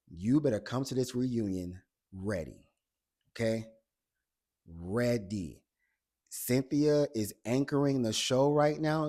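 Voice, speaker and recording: A man with a fairly low voice recaps a reality TV episode in a loose vlog. He is blunt and swears freely. He tells the cast members directly what he thinks and retells the drama like gossip to a friend. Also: dark tone. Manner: blunt, profane, talks straight to the cast; retells scenes in chatty gossip style. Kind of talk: casual episode recap commentary.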